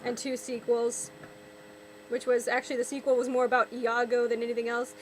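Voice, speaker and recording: High-voiced woman ranting in exasperation. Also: monotone, brisk, a little hiss or hum, poor audio. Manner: exasperated, sarcastic, repeats and restarts words. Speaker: vlogger. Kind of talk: ranting vlog commentary.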